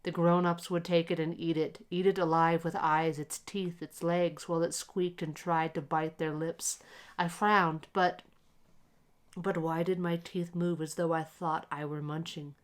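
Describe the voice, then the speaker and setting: A woman narrating a classic short story aloud in a calm, measured, expressive reading for relaxation. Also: lowish voice.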